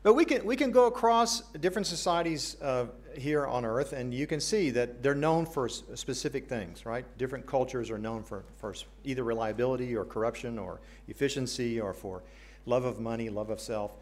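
A man's voice: medium pitch, a little fast, few pauses. American man preaching a sermon. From United States. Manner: earnest, asks the congregation questions, light jokes. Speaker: pastor.

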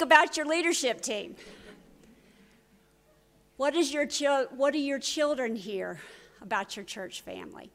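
A woman preaching a church sermon, telling stories and voicing quotes with lively swings in loudness. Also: sits high, a little slow, long pauses. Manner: storytelling with voiced quotes, lively shifts in loudness.

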